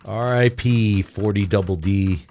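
A man's voice: on the low side, unhurried, a little mellow, a little hiss or hum. A man hosting a call-in radio show, joking with callers and laughing often. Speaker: radio host.

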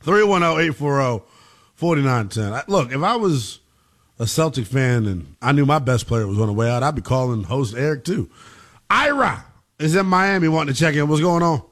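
A man's voice: mid-range voice, animated, normal speed, a bit bright. A man hosting a sports talk radio show, casual and bantering with callers.

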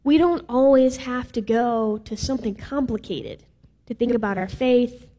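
A woman's voice: a little high, moderate pace, mellow. A woman preaching a sermon in a casual, playful way with some filler words. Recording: reverberant hall.

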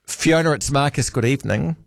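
A man's voice: mid-range voice, a little fast, gravelly, no echo, studio quality. A man hosting a talkback radio show, chatting casually with callers and musing aloud between calls.

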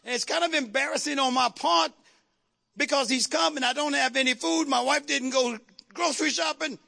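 Male preacher, sermon, dramatic, humorous, high voice, gravelly. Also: normal speed, bright, forceful tone. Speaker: pastor.

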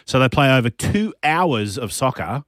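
A man's voice: mid-range voice, very animated, normal speed, a bit bright, no echo, clean studio sound. An Australian man hosting a radio show, chatting casually in a frank, exasperated way. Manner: frank, exasperated, repeats himself. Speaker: radio host. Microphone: studio microphone.

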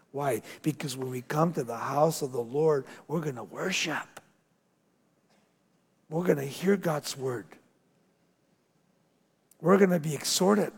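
A man preaching a sermon as pastor, building emphasis and then dropping to soft, quiet phrases. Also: high voice. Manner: preaching with rising emphasis and sudden soft drops. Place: church sanctuary. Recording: long hall reverb.

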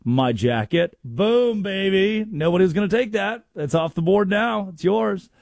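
A man hosting a casual, comedic sports talk show, telling stories with quick asides. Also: high-pitched, creaky, no room sound, studio quality. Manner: animated storytelling with quick asides. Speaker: sports radio host.

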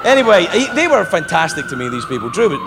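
A brash, middle-aged English comedian telling stories on stage. His voice sits high and leaps around, with a gravelly rasp. A live crowd and club noise fill the room behind him. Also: fast talker, in a large hall. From England. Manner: brash, animated storytelling, swearing. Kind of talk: stand-up comedy.

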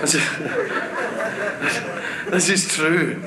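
A man's voice: a little high, slow, pauses often. A man with a Glasgow accent doing stand-up, telling a story in a chatty, jokey way to a live audience. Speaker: stand-up comedian. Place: stage before a live audience. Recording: echoey, noisy live stage recording.

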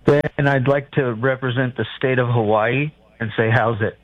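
A man's voice: mid-range voice, steady tone, moderate pace, no room sound. A man calling in to a sports radio show, talking in a rambling, hesitant way. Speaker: caller. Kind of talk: call-in radio chat. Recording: dry tinny phone line.

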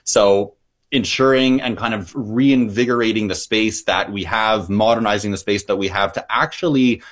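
A man's voice: fairly low pitch, moderate pace. A man who works as an emergency physician, answering interview questions eagerly with frequent restarts.

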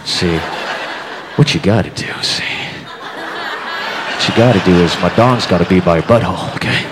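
A man voicing a smooth-talking sleazy guy at a pool hall, low and coaxing, during a stand-up bit. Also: moderate pace, noisy background, lightly acted. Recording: reverberant club with audience.

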